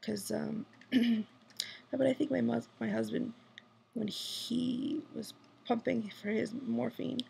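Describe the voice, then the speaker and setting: A woman's voice: on the high side, fairly even intonation, slow pace, creaky, dark tone, a little hiss or hum. A woman whispering a rambling video diary at night from a hospital room, full of fillers. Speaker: vlogger. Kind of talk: hushed personal video diary.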